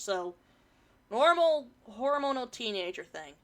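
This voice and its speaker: A woman's voice: on the high side, expressive, moderate pace, bright, forceful tone. A woman streamer reading a forum story aloud and chatting about it, swearing casually, her throat a bit irritated from pollen.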